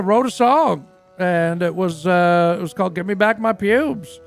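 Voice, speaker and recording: A man playing a crude, boastful rock singer in a roleplay game, telling a rambling story full of fillers. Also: sits high. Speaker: roleplay character. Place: game stream from a dry studio.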